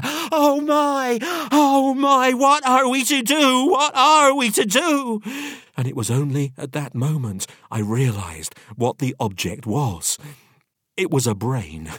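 A man reads a first-person story aloud in a husky voice. His pitch rises and falls freely as he tells it. The sound is close and dry, with no room around it. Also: dry recording. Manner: expressive, animated storytelling. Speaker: audiobook narrator. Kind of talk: scripted first-person narration.

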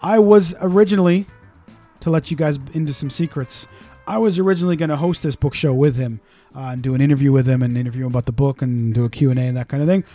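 Podcast co-host: man with a mellow voice and a profane, grumpy ranting delivery, in pain. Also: a little high, fast talker, soft background music. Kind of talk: casual podcast chat.

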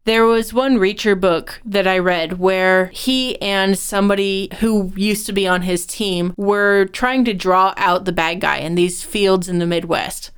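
A woman co-hosting a writing-advice podcast, explaining points in a measured, instructive way. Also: mid-range voice, clear, resonant tone. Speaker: podcast co-host.

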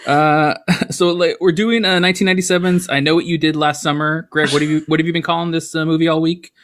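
A man's voice: a little high, little pitch movement, fast, fairly bright tone. A man hosting a podcast in casual chat, laughing often and repeating his phrases. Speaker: podcast host.

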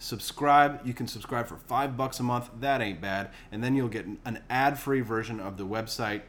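A man's voice: mid-range voice, normal speed, fairly bright tone, a little hiss or hum. Male podcast host, loose rambling delivery, banters with his co-hosts. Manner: loose, jokey, rambling with fillers. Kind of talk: casual podcast chat.

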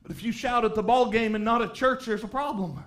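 Very high-voiced fervent male preacher. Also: brisk. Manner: fervent, swelling into shouts on key phrases; reads scripture aloud in old-style wording. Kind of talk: revival sermon. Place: church.

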